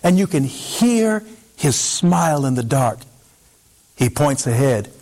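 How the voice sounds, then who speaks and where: A man narrating a story in the second person in an expressive, dramatic way, pausing for effect. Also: mid-range voice.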